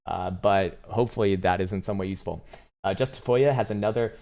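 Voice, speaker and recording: A man's voice: on the low side, fairly even intonation, fast talker, warm tone. A young man hosting a casual crypto trading livestream, rambling and swearing, laughing often and breaking into mock outbursts at his chat. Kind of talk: casual live-stream chart commentary.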